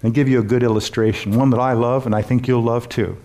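This pastor and Bible teacher preaches earnestly and emphatically, questioning his listeners and lingering on key words. His mid-range voice is a little mellow and shows little pitch movement.

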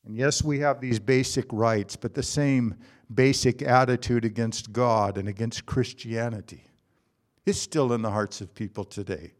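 A man's voice: mid-range voice, steady tone, normal speed. A man preaching a sermon, earnest and emphatic, repeating key phrases. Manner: earnest, emphatic repetition with restarts. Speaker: pastor.

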